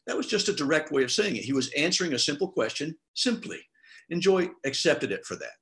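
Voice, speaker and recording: A middle-aged pastor delivers a sermon at a quick pace in a medium-pitched voice. He keeps it conversational and brings the people he quotes to life by acting out their voices.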